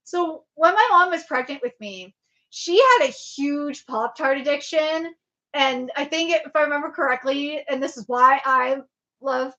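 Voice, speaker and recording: Bright, high-voiced woman streamer rambling. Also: unhurried, lo-fi sound. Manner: rambling, swearing, emphatic repeats. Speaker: livestream host. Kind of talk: casual livestream chat. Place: home room with laptop at a desk. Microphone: webcam.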